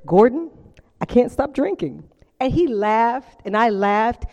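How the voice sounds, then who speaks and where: A middle-aged woman giving a personal testimony to a recovery group, telling her story in an animated way with acted-out quotes and frequent laughter. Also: on the high side, slow. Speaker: speaker sharing at a recovery meeting. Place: meeting room with audience. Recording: reverberant meeting hall.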